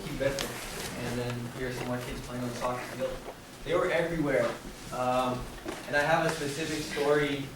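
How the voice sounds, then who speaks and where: A young man giving a casual slideshow presentation as a student presenter, relaxed and rambling with lots of fillers and restarts, recorded in a very echoey room from a distant mic. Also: mid-range voice, brisk, hardly any pauses, background noise. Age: young adult.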